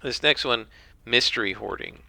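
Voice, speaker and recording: Guy rambling on his podcast, gravelly and tense voice, dry close mic. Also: medium pitch, moderate pace, pushed and bright, no echo. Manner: rambling, opinionated. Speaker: podcast host. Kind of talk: casual solo commentary.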